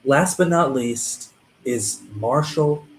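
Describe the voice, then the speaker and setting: A man's voice: medium pitch, slow, slight background noise, rough recording. A man, an author, casually talking through the characters of his book on a livestream, chatty and restarting his sentences. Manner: chatty, self-interrupting, with small restarts. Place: home livestream setup.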